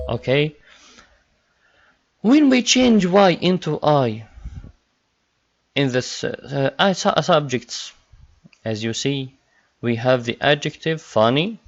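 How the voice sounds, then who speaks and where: Slow-talking male English teacher. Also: mid-range voice. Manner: slow, repetitive drilling of word pairs. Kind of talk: classroom grammar lesson. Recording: dull lo-fi recording.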